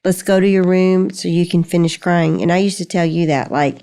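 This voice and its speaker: A woman's voice: lowish voice, fairly even intonation, fairly quick, dark tone. An older woman hosting a podcast, giving chatty, reassuring motherly advice in casual conversation. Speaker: podcast host answering parenting questions. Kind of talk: casual chat.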